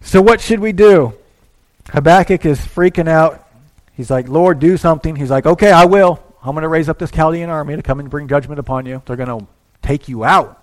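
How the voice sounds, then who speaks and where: A man preaching a sermon in a church, talking conversationally and acting out little asides as he swings between quiet and loud. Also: a little high, brisk. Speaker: pastor.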